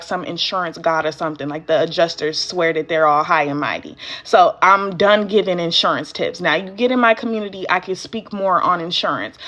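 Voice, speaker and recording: On a phone live stream, an American woman who coaches courier businesses runs a casual teaching session. Her voice is fairly low and a little bright, and she addresses viewers directly, answering their comments as they arrive.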